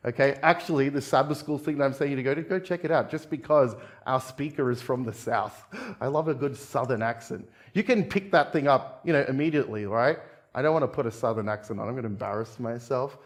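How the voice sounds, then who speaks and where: An Australian man preaching a sermon in church, talking earnestly and conversationally to his listeners as guys and friends. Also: mid-range voice.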